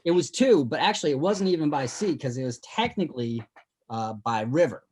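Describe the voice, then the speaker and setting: A man's voice: fairly high pitch, animated, a little fast, crowd noise. A man from near the South Shore with a light Boston accent, a podcast host chatting casually and explaining with lots of fillers and restarts. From Massachusetts, inland of the South Shore. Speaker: podcast host, former tour guide. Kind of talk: casual chat.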